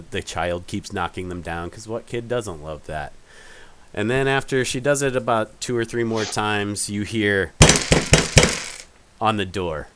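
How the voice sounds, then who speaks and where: Low-voiced man narrating a tabletop game. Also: fairly bright tone. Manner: rambling, with many fillers and restarts. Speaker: game master.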